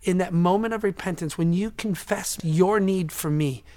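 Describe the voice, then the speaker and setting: A man preaching a sermon in a church, earnest, often repeating words and swelling loud when he quotes scripture. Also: high voice, normal speed. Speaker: pastor.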